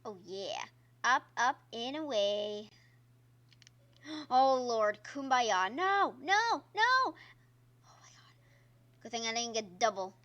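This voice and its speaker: Slow-talking bright-voiced woman streamer. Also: on the high side, big pitch swings, dull audio. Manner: chatty, exclaims at the game, talks to viewers. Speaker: gaming streamer. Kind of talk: casual gameplay commentary. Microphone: own microphone.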